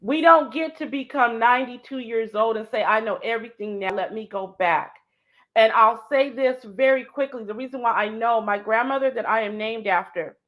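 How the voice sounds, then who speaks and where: A middle-aged woman, a motivational speaker guest in an interview, telling an emotional story, swinging from soft to shouting. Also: fairly high pitch, a little fast, low-quality recording.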